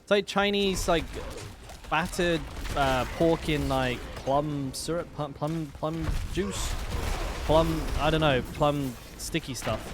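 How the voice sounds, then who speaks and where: A man's voice: fairly high pitch, background noise. A young man streaming a game, talking in a laid-back, rambling way with plenty of slang. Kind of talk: casual live-stream commentary. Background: game music.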